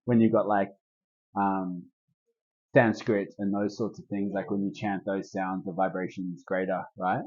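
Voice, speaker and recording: A man with a low, husky voice gives a loose, rambling herbal workshop talk, full of fillers. The sound is dull and muffled. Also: little pitch movement, measured pace, darkish tone. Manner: laid-back, rambling, lots of "like". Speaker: herbalist leading a group talk.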